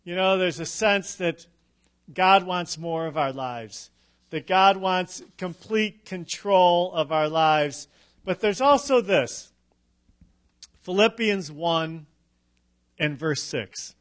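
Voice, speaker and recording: A middle-aged man preaching a sermon, emphatic and unhurried, with dramatic pauses and touches of humor. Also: on the high side, a bit bright. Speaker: pastor.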